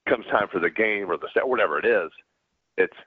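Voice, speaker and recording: Deep-voiced man on a tinny line. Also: breathy edge, no echo. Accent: Southern US. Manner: halting, many restarts and fillers. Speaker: guest, former pro pitcher. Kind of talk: casual interview storytelling. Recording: dry, tinny phone-like line.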